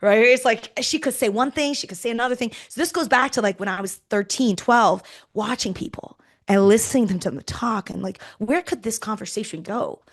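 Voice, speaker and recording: A woman's voice: fairly high pitch, brisk, few pauses. A woman recruiter talking bluntly and animatedly in a casual interview, swearing freely. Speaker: recruiter guest.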